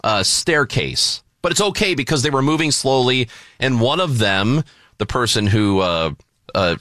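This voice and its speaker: A man co-hosting a talk show, telling an embarrassing story in a casual, animated, self-mocking way. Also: mid-range voice, a little slow, dry recording.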